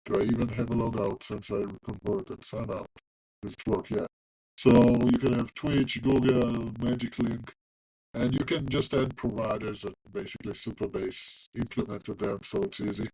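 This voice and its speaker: A man with a non-native English accent that leans American talks through his coding on a livestream. His pitch sits in the middle range. He rambles comfortably, full of fillers and false starts, like casual chat with his viewers. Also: steady tone, moderate pace, rough recording. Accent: non-native English accent, closer to American. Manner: loose and chatty, many ums and restarts.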